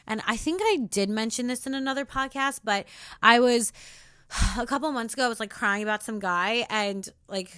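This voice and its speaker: A young woman hosting a spiritual self-help podcast, talking in an earnest, intimate way that moves between soft reflection and sassy encouragement. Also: a little high, normal speed, clean tone, no room sound, studio quality. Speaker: podcast host.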